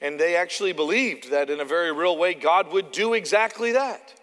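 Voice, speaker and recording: A man with a Canadian accent preaching a conversational sermon, animated and often acting out the quotes he tells. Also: a little high, moderate pace. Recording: long hall reverb.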